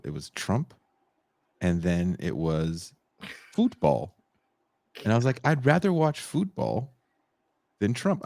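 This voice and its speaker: A man in his forties with a lowish voice that rises and falls a lot as he tells stories. He chats casually and swears freely as he co-hosts the podcast. The sound is close and dry. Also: no room sound. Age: 40s. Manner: animated storyteller, swears freely. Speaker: podcast co-host. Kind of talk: casual chat.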